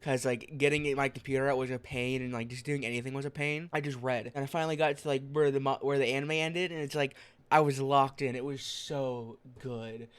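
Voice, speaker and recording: A man's voice: mid-range voice, steady tone, fairly quick, clean tone. A tired young man rambling casually as a streamer, with a slight lisp from a sore tongue, full of fillers and restarts. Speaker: streamer vlogger.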